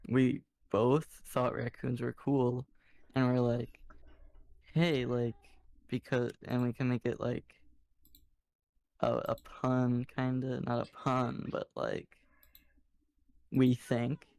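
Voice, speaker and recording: A man co-hosting a podcast in casual chat, speaking in a dry, halting, unsure way. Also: medium pitch, little pitch movement, vocal fry, a little mellow. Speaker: podcast co-host.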